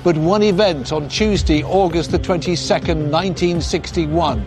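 A man presenting a documentary in a fairly high voice, with music playing clearly under him. He delivers his lines with drama, building suspense through questions. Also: steady tone, normal speed.

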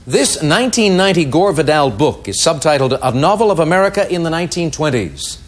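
A man hosting a quiz show, reading out clues crisply and giving brief verdicts. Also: on the high side, expressive, brisk.

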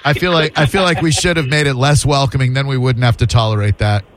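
A man's voice: medium pitch, fairly even intonation, fairly bright tone, a little hiss or hum. A man hosting a radio show, joking with callers and reading ads in a casual, sarcastic way. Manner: joking, sarcastic, quick banter. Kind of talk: casual radio talk and live ad reads. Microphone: studio microphone.

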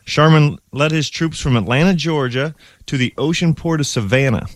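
Matter-of-fact male radio host, slightly high voice, dry studio read. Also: normal speed, no room sound. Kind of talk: scripted comic bit read.

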